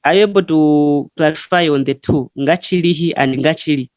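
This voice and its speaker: Man, teacher, online class, slightly high voice, patient explaining, dry muffled call audio. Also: no echo. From Zambia. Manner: patient, explains slowly, frequent fillers. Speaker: language teacher.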